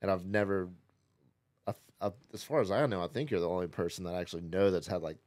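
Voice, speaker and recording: Low-voiced laid-back man host. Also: fast, no echo. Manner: relaxed listener, short reactions and questions. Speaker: podcast host. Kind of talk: casual chat.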